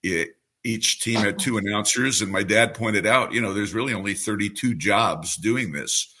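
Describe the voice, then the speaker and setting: An older man in his 70s from New York City, a baseball radio broadcaster appearing as a guest, answers an interview question with a story at normal speed. His seasoned play-by-play voice is bright, clear, and lowish, and his New York accent is mostly trained away. He is a relaxed anecdotal storyteller with polished announcer delivery.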